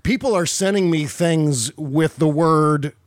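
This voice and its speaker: Upbeat podcast host man, slightly high. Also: no room sound. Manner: jokey, laughs often, brisk scripted openers. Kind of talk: casual political podcast chat.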